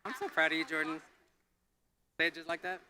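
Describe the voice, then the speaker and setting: A man's voice: on the high side, background noise. Friendly man checking names with students. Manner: friendly, brisk, quick checks and reassurances. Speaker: name checker at a graduation. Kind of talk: casual talk with students. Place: graduation ceremony, near the stage.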